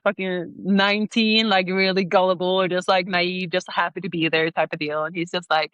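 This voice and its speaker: A woman's voice: on the low side, moderate pace, clear, resonant tone, dry recording. A young woman from Sweden with a Swedish accent, a podcast guest telling stories in casual chat, filling her speech with "like" and frequent laughter. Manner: storytelling, animated, heavy use of "like", laughs often. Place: remote call.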